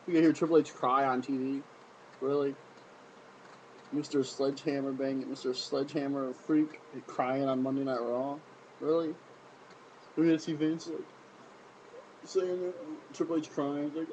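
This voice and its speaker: A man's voice: mid-range voice, normal speed, lo-fi sound, slight background noise. Sarcastic, ranting male wrestling reviewer. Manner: animated, repetitive, sarcastic rhetorical questions. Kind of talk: casual solo video review.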